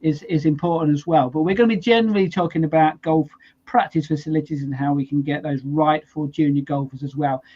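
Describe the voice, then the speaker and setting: A man with a slightly higher voice hosts a casual podcast and talks through news in a friendly, chatty way. The sound is a little dull and lo-fi. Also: steady tone, fairly quick, dark tone. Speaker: podcast host.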